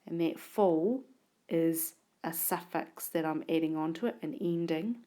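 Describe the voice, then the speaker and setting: A woman teacher narrating a whiteboard spelling lesson, sounding out words and letters slowly and deliberately, recorded on a tablet. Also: deep voice, dark tone.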